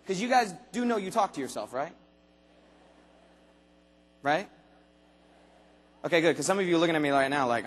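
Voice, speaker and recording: A man giving an energetic convention speech, firing punchy questions at the audience and sometimes bursting into shouts. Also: on the high side, breathy edge. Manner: rapid-fire questions to the audience, punchy and emphatic. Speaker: motivational speaker at a sales convention. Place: large convention hall. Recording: long hall reverb.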